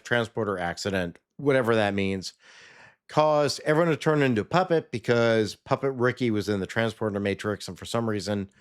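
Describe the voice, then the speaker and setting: A man casually recapping a TV episode, sarcastic and animated, sometimes mimicking the characters. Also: medium pitch. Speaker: TV episode reviewer.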